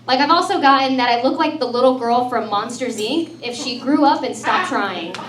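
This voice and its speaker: A woman's voice: high-pitched, normal speed, very noisy. A woman in her thirties doing a breezy, self-mocking stand-up comedy set, peppering her lines with "dude" and "man.". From United States. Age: 30s. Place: comedy club stage. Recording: echoey club from a distance, crowd audible.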